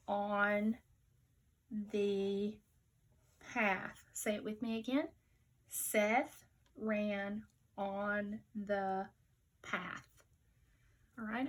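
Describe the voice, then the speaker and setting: A woman teacher giving a slow spelling dictation to young children, patiently repeating each word with care. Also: fairly high pitch, poor audio.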